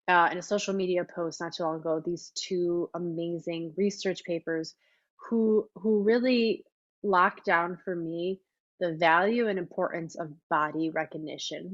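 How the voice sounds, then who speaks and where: A woman leading a long workshop, talking in a chatty, enthusiastic way with lots of fillers, her voice a little hoarse. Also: fairly low pitch, no room sound, dull audio. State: slightly hoarse, losing her voice. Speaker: workshop leader. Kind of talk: teaching a live online workshop.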